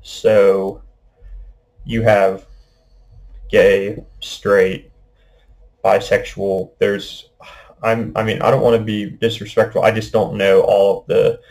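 A man's voice: lowish voice, level tone, takes it slowly, pauses often, darkish tone, rough recording. A young man hosting a casual monologue podcast, rambling with lots of fillers. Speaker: podcast host.

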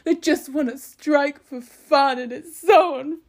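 A woman doing a mocking impression of a whiny, petulant male government minister. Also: unhurried. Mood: whining. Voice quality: whining, high and mocking.

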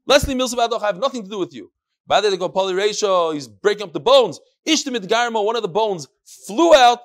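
A man giving a lively Talmud class, reading the Aramaic and then telling the story in English, acting out the characters as he goes. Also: high-pitched. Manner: animated storytelling, acts out the characters. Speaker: Talmud teacher.

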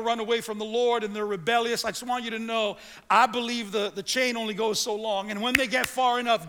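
High bright-voiced pastor, echoing church. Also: male voice. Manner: stammering restarts, rallying the congregation. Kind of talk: sermon. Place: church sanctuary. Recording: long reverb of a large hall.

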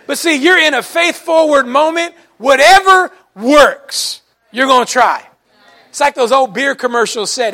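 A male pastor preaching to his congregation with a high, bright voice and a gravelly edge. He tells folksy stories, animated and colloquial, and now and then rises into a shout. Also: unhurried. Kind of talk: sermon. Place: church service before a congregation.

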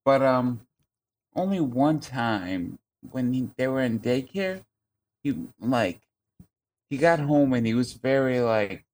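Deadpan father with dry jokes. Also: medium pitch, slow pace. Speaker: podcast co-host, father. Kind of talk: casual podcast chat.

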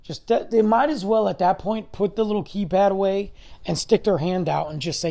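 Exasperated ranting podcast host, gravelly voice. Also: mid-range voice, a little fast, mellow. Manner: exasperated, ranting, mocking rhetorical questions. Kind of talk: solo opinion rant.

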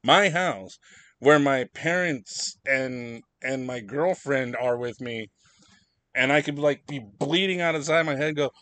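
A man's voice: mid-range voice, unhurried, pushed and bright, no echo. A young man hosting a casual podcast, telling rambling, profane stories. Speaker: podcast host.

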